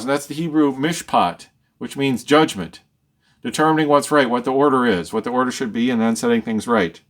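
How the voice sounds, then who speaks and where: A man's voice: mid-range voice, brisk. A man leading a verse-by-verse Bible study, reading each verse and then explaining and rephrasing it. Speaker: Bible teacher.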